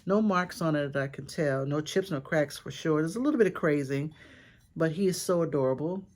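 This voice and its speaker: A woman's voice: low-pitched, brisk, darkish tone. A woman reselling antiques, chatting casually to viewers while showing off items and gushing with repeated praise. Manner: chatty, addresses viewers directly. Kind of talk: casual haul show-and-tell.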